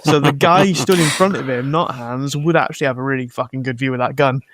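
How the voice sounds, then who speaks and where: A man hosting a film podcast, recapping a movie with sarcastic, animated asides, frequent laughter and casual swearing. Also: medium pitch, brisk. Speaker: podcast host reviewing a film. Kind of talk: casual chat.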